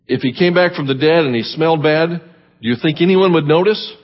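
A man with a Southern American accent preaching a sermon, reading scripture aloud and then explaining it in a measured, earnest way. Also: on the high side, lo-fi sound. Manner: reads verses then explains them plainly, measured and earnest. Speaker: guest preacher.

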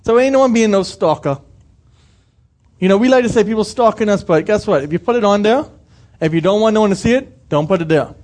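A man's voice: high-pitched, lively intonation, a little fast, darkish tone. A young male pastor giving a sermon in a conversational way, asking the congregation questions and acting out the voices of people he quotes.

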